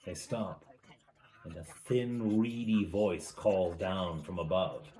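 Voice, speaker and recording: A man's voice: low-pitched, takes it slowly, mellow, reverberant. A man recapping a tabletop game as game master, in a casual, chatty way with asides.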